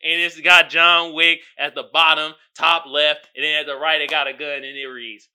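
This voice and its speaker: A man with a high voice hosts his own podcast, riffing loosely and animatedly in slangy street talk. His tone is very bright and sharp, and laughter breaks into his rambling commentary again and again. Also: moderate pace, clear, resonant tone. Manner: animated, joking, laughs often. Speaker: podcast host. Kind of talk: casual solo commentary.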